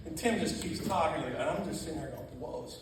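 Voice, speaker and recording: A man tells animated stories at a memorial reception. He laughs often and acts out quotes in a slightly raised voice. He is recorded from far off in a very echoey church hall, with noticeable noise around him. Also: a little high, quick pace. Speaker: funeral reception speaker. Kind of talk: storytelling at a memorial gathering. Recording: very echoey, distant, noisy room.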